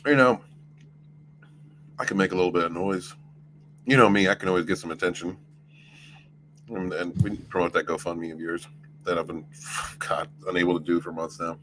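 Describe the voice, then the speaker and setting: A man's voice: deep voice, fairly even intonation, moderate pace, long pauses, background noise. A man streaming, chatting casually in a rambling, profane way and laughing often. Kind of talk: casual late-night stream chat.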